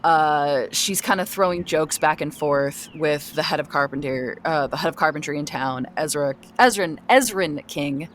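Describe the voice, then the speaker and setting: A woman's voice: low voice, moderate pace, few pauses, slight background noise. A woman running a tabletop role-playing game as game master, narrating in a rambling way with lots of fillers and restarts. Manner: rambling with many fillers and restarts, searching for words.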